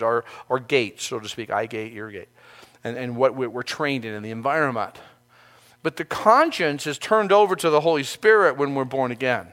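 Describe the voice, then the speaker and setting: A man's voice: medium pitch, a bit bright. A male pastor giving a sermon, speaking earnestly in a conversational way and often restarting his phrases.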